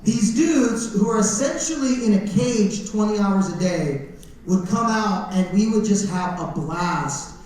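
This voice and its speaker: Animated man on a theater stage. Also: high-pitched, unhurried. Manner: animated storyteller acting out voices. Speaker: speaker at a school talk. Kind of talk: comedic motivational talk. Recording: echoey theater from far off.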